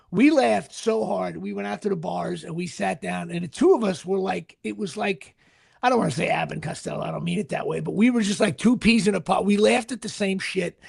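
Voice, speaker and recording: A man's voice: sits high, creaky, husky. A middle-aged man, an actor being interviewed, telling rambling stories with restarts and sports asides. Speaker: actor guest. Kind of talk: casual anecdotal storytelling.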